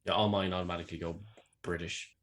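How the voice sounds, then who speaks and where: Man, very low pitch, laid-back, playful, casual podcast co-host. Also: little pitch movement, quick pace, a bit bright. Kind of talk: casual chat.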